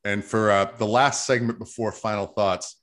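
A man hosts a casual podcast, joking and a little profane. He leads the segments in a relaxed, offhand way. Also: on the low side, moderate pace. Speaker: podcast host.

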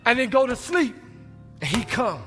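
A middle-aged pastor preaching a sermon in a church, swinging from hushed lows to loud, emphatic peaks. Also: male voice, big pitch swings, normal speed. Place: church sanctuary. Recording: reverberant hall with music behind.

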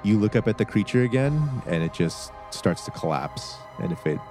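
Low, mellow-voiced male game master. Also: expressive, moderate pace, faint music behind. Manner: loose, laid-back describing with many fillers. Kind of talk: narrating a tabletop game.

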